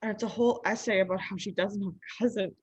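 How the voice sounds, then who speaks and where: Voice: mid-range voice, steady tone, fast talker, slightly rough, dry recording, lightly acted, low-quality recording. A performer playing a naive young husband who rambles in an improvised comedy bit, padding every phrase with "like". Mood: earnest. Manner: rambling, full of "like", mimics others' voices. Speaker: recurring comedy character.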